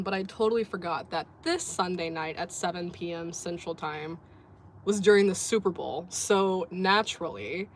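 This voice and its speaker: A woman's voice: lowish voice, slight background noise. A woman hosting a casual livestream from a sports bar, chatting easily, laughing often and reading out viewer comments. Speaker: livestream host.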